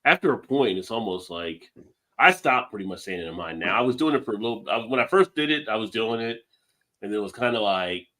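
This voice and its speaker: A man's voice: fairly low pitch, expressive, fairly quick, bright, forceful tone. A man joining a casual beer chat, agreeable and laughing often.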